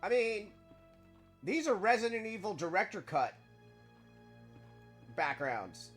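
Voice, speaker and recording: A man's voice: high voice, big pitch swings, takes it slowly, fairly bright tone, breathy edge, soft background music. A man streaming a game live and chatting casually, rambling and restarting his words as he talks. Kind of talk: casual chat while playing a game.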